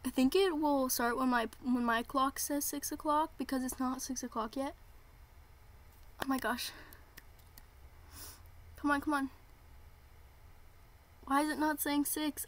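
Young girl streaming, shaky and hyped, kinda high voice, slow drawn-out talk. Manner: excited, gushing, repeating herself. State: nervous and jittery. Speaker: streamer reacting to a premiere. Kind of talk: live reaction vlog.

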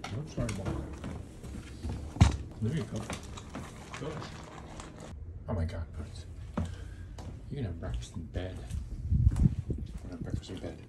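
A man's voice: low voice, expressive, unhurried, long pauses. A man vlogger chatting playfully to his dogs in a sing-song pet-talk manner. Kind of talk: talking to pets. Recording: loud background noise.

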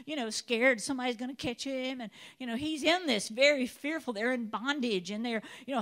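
A woman preacher delivering a sermon, telling Bible stories with animated storytelling and acting out the voices of the people in them. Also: sits high. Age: adult. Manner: animated storytelling, acts out voices of biblical figures.

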